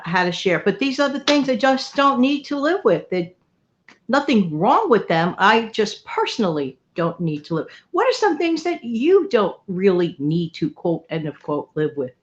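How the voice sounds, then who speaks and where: A woman's voice: on the low side, lo-fi sound. A middle-aged woman hosting a vlog, telling stories in a chatty, rambling way and laughing often. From New York City. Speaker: vlog host. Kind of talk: casual storytelling monologue.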